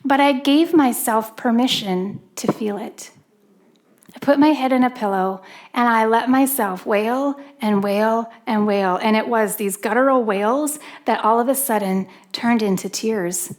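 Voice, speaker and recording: A woman's voice: a little high, a little slow. A middle-aged woman from Canada preaching in a church on a handheld microphone, telling a personal story and acting out her gasps and wailing. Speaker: pastor.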